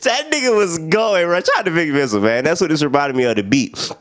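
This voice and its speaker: Animated young man reviewing an album. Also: on the high side, a little fast. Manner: animated, slangy, laughs a lot, jumps into quoted voices. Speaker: music reviewer.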